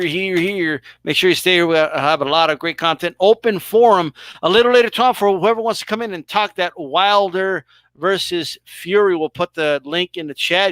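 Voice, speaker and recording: A man with a high-pitched, slightly bright voice hosts a live boxing talk stream at a moderate pace, speaking casually and emphatically. He swears freely and throws in exaggerated mock reactions. There's no echo on the recording.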